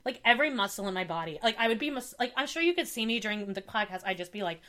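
A woman's voice: medium pitch, racing. A young woman chats casually on a podcast, telling a long personal story with lots of energy. She keeps acting out what other people said to her, with her voice jumping up and down between quotes. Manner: animated storytelling, acts out quoted dialogue. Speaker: podcast co-host. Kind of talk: casual chat.

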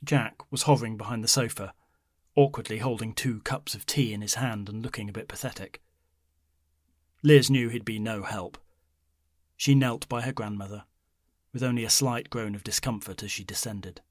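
Measured man narrating a horror story. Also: steady tone, dry recording, studio quality. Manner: measured, low-key storytelling.

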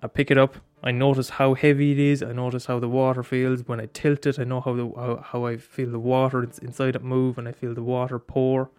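A man's voice: mid-range voice, monotone, fairly quick, few pauses, a little mellow, clear, resonant tone, no echo, faint music behind. A man in a rambling casual monologue, swearing often and restarting his sentences.

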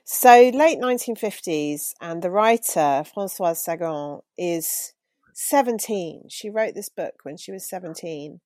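Woman, lower register, dry close sound; thoughtful, self-deprecating book talk. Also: expressive, measured pace, a little mellow, dry recording. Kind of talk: casual book chat.

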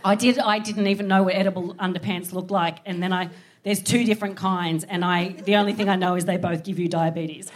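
A woman with an Australian accent telling a comic story on stage, animated and swearing freely as she acts out voices. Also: fairly low pitch, a little fast. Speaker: comedian. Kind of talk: live stand-up storytelling.

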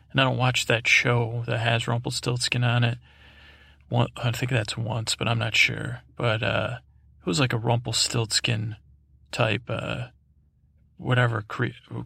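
Gravelly, rambling male storyteller. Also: medium pitch, a bit bright, no echo, studio quality. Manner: meandering, hesitant, full of fillers. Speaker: podcast host.

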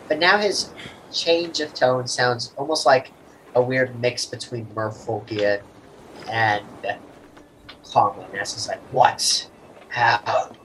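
A man's voice: medium pitch, a bit bright, a little hiss or hum, rough recording. Man narrating as game master. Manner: loose, filler-heavy narration.

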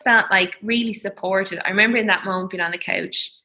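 Young woman, bright voice, soft and emotional, telling her birth story. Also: mid-range voice, steady tone, a little fast, poor audio. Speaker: guest.

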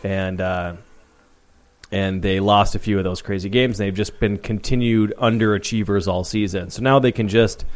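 A man's voice: lowish voice, steady tone, moderate pace. A man hosting a casual sports podcast, wry and blunt, swearing freely and trailing off mid-thought. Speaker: podcast host.

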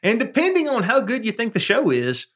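A man with a Southern US accent, co-hosting a podcast in casual chat, laughing a lot and chiming in with quick remarks. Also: high-pitched, wildly swooping pitch, fairly bright tone. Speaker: podcast co-host.

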